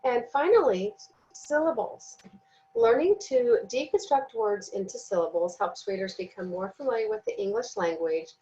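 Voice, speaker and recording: A woman giving a recorded training lesson, speaking slowly and deliberately and sounding out words syllable by syllable. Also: medium pitch, a little mellow, dull audio. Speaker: teacher trainer.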